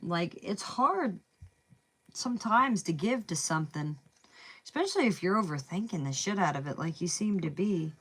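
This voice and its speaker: A woman's voice: on the low side, big pitch swings, normal speed, fairly bright tone, husky. A woman with a Southern US accent giving a casual tarot reading, chatty and thinking aloud, saying "y'all" and "man". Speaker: tarot reader.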